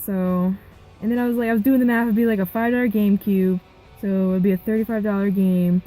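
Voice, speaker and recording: Young woman, mellow warm tone, rambling casual storytelling, faint music underneath. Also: mid-range voice, a little fast, poor audio. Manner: rambling, animated retelling with quoted dialogue. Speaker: gaming vlogger.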